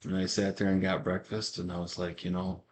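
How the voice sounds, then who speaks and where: A man with a fairly low voice tells his story in a loose, rambling way. He circles back over the same words and acts out the lines of the people in his story. It sounds like casual spoken testimony rather than a prepared speech. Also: flat delivery, a little fast. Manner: rambling storyteller who repeats himself and acts out quoted lines. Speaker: guest giving a faith testimony.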